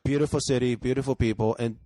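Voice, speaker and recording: A man's voice: medium pitch, fairly even intonation, fast, mellow, no echo. A man appearing as a guest comedian in casual chat, adding frequent short agreements. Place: home man cave.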